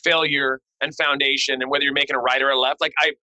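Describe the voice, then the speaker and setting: A man's voice: mid-range voice, flat delivery, fast talker, sharp tone, no room sound, low-quality recording. A man hosting a podcast interview, chatting casually and telling playful, joking stories. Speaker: podcast host.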